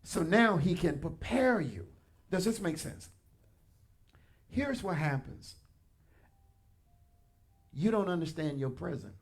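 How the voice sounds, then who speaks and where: A man pastor preaching a sermon in a church, animated and colloquial, addressing the congregation directly with punchy asides. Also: high-pitched, slow, creaky, long pauses. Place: church sanctuary.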